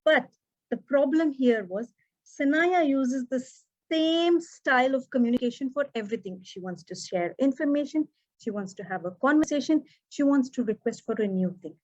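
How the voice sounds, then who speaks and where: Woman educator in her thirties, highish voice, expressive speech, dull lo-fi recording. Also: moderate pace. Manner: expressive, acts out quoted dialogue. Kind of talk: prepared contest speech.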